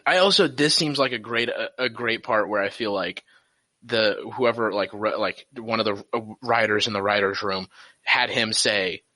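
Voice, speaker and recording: Low, bright-toned young man, laid-back. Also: moderate pace, dry recording. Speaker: podcast guest. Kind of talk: casual podcast chat.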